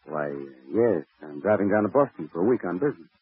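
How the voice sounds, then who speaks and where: A man's voice: deep voice, expressive, fast, slightly rough, phone-quality sound. A man playing a nervous, defensive friend caught in an affair, in 1940s radio acting on an old broadcast. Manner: defensive, blustering.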